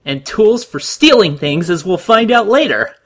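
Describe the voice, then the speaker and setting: A man co-hosting a casual watch-along commentary, animated and jokey, swearing casually. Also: high voice, moderate pace. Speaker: commentary co-host.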